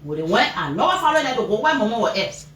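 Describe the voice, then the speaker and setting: Sitting back from the microphone in a roomy, echoing space with faint noise behind, a Liberian mother gives reporters an emotional personal account in a press interview. Her fairly high voice, with a Liberian English accent, moves at a quick pace and leaps up and down as she animatedly acts out what others shouted.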